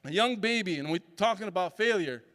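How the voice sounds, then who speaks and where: A man's voice: high voice, animated, brisk, a bit bright. A man giving a motivational talk as a summit speaker. He tells stories and acts out voices and sounds. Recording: reverberant hall.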